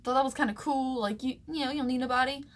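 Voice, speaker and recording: A young woman from the American South telling a personal story to camera, emotional and halting, close to tears, with many fillers and restarts. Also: sits high. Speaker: vlogger.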